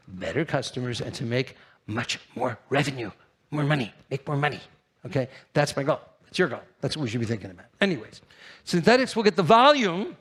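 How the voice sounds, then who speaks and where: A man giving a live conference presentation, brash and animated, jumping to high, loud bursts and firing questions at the audience. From New York. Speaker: keynote speaker at a trade fair.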